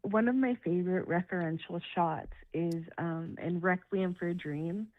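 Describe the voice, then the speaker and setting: Woman, lowish voice, tinny phone-line sound, agreeable, laughs a lot, casual podcast chat. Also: moderate pace. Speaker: podcast guest. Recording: phone-like remote audio.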